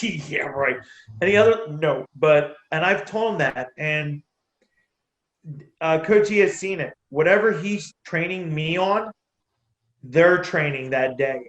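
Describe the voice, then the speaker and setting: A man's voice: a little high, highs cut off. A man who boxes and coaches kids, telling stories in a casual interview, laughing and restarting his sentences. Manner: animated, laughs between anecdotes, restarts sentences. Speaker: amateur boxer and youth boxing coach. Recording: roomy echo.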